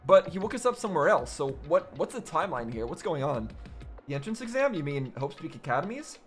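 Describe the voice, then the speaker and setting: A man's voice: a little high, big pitch swings, a little fast, faint music behind. Man musing through a blind game playthrough. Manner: thinks aloud, restarts sentences, questions himself. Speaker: gaming video host.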